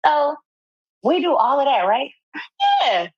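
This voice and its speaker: A woman co-hosting a podcast who tells a story in a casual chat, animated and profane, laughing often as she talks. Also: sits high, takes it slowly, dry recording, dull audio. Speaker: podcast co-host.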